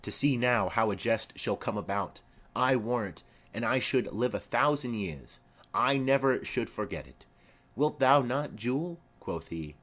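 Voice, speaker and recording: A man's voice: mid-range voice, lively intonation, a little slow, a bit bright. A man reading the part of a fond, chattering elderly nurse in an audiobook of a play, rambling through long stories. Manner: rambling, digressive storytelling.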